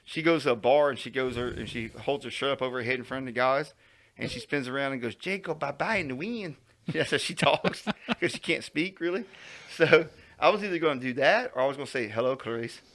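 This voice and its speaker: A man's voice: medium pitch, quick pace, a bit bright. A man telling a story on a casual podcast, acting out quotes and laughing often. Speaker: podcast co-host.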